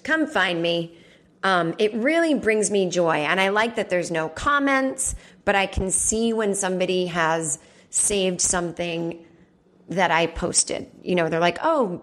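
A woman hosting a comedy podcast from home, chatting casually and rambling with lots of fillers and asides. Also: lowish voice. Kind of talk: casual solo chat.

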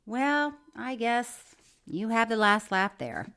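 A woman's voice: on the high side, takes it slowly, smooth. A middle-aged woman co-hosting a casual podcast, reading listener mail aloud and laughing often. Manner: laughs often, reads letters in a lively voice. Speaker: podcast co-host.

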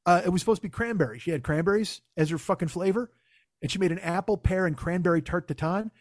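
A man's voice: sits high, fast talker, no room sound, clean studio sound. A man hosting a podcast, ranting in a casual, comic, profane and exasperated way. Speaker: podcast host. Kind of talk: casual comedic rant.

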